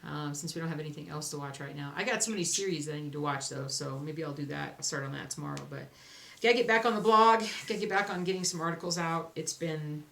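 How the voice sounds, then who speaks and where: Talking fast with hardly any pauses, a young woman with a low, slightly bright voice and vocal fry chats to camera about her week. The sleepy, yawning cross stitch vlogger rambles self-reassuringly at home in an echoey room with faint noise.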